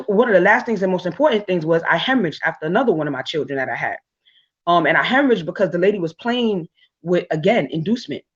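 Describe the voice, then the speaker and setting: Animated woman telling stories, dull audio. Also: lowish voice, husky. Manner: animated, laughing, frequent restarts and fillers. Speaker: guest speaker. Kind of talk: casual storytelling on a live talk show.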